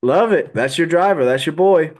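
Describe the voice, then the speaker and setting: A man's voice: on the high side, lively intonation, normal speed, darkish tone. A man co-hosting a podcast, chatting casually and joking with frequent laughs. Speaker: podcast co-host. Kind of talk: casual chat.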